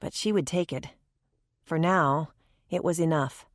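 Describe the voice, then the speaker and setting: A woman narrating an audiobook in a measured, gentle storytelling manner, recorded on a close studio mic. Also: low voice, no room sound. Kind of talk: scripted narration.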